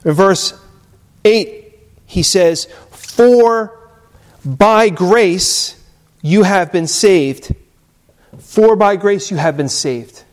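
A man preaching a sermon, emphatic, with dramatic drops to a quiet voice on key phrases. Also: high-pitched, very slow, pauses often. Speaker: pastor.

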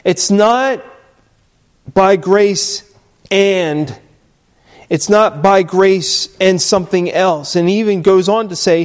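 A man preaching a sermon, emphatic, with dramatic drops to a quiet voice on key phrases. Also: high voice, slow pace, pauses often. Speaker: pastor.

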